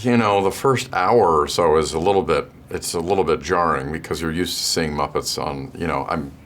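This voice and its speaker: A man being interviewed about his film at a press junket, relaxed and thoughtful with some hesitant pauses. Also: very deep voice.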